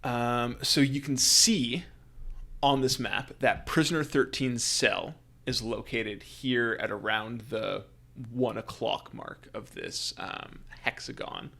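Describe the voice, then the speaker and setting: A man acting as game master, narrating a tabletop adventure in a halting, friendly way with many restarts. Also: medium pitch, fairly even intonation, vocal fry, pushed and bright.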